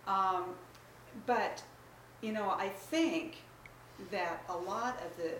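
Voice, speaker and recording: Woman, slow hesitant question, lowish voice, distant in echoey room. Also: a bit bright, a little hiss or hum. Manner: hesitant, thoughtful, many fillers. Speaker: student asking a question.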